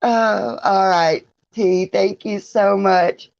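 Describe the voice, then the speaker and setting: Slow gravelly woman chatting on a livestream. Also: medium pitch, fairly even intonation, a little mellow, no echo, muffled recording. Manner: chatty, greets viewers by name, laughs often. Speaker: livestream host. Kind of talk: casual live-stream chat with viewers.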